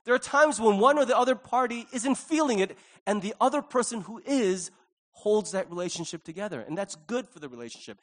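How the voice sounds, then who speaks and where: A male pastor preaching a sermon in an earnest way, dropping to a hush and then rising loud. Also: sits high, animated, fairly quick. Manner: earnest, swings from hushed to loud.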